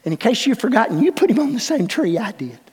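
An older man preaching a sermon in a church, swinging from hushed lines to shouts. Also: very high-pitched, sing-song, quick pace, husky. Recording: long reverb of a large hall.

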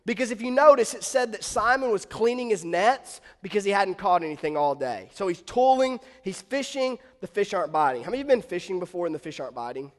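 A male pastor delivering a sermon as a relaxed, conversational story, often turning to ask the congregation questions. His voice sits high for a man. A long hall reverb trails behind his words. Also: fast talker, few pauses.

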